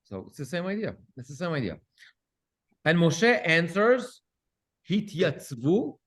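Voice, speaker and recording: A man with a fairly high voice, a cantor, reads Hebrew verses aloud in his Bible study class. He then translates them, asking lively questions as he goes.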